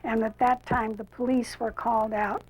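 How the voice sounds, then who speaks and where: An older woman recalling her youth in a halting interview, with pauses. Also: on the high side, level tone, a little mellow, husky, rough recording. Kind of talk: interview recollection.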